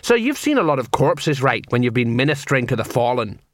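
A man voicing a plodding, middle-aged male watch sergeant who questions slowly and suspiciously. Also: mid-range voice, sing-song, no echo, studio quality, lightly acted. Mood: probing.

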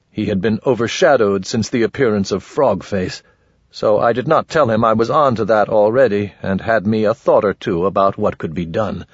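Low, husky male audiobook narrator. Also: no echo, highs cut off. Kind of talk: scripted first-person narration.

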